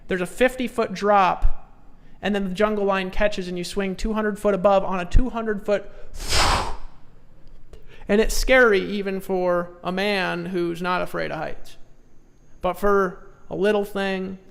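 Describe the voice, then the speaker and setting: A man speaking as a sales trainer in a motivational seminar, pushing his audience with repeated short commands, swinging between hushed storytelling and loud exhortation. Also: sits high, steady tone, unhurried, vocal fry, clear, resonant tone, long reverb tail.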